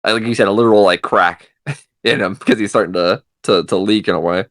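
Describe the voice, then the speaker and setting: Male podcast guest, deep voice, reflective halting delivery, dry mic. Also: steady tone, a bit bright, no room sound. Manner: thoughtful, halting. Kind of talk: casual chat.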